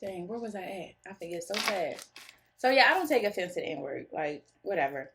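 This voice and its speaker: A woman's voice: on the low side, brisk, noisy background. Goofy woman telling a storytime tale. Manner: goofy, laughs easily, animated retelling. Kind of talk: casual storytime chat.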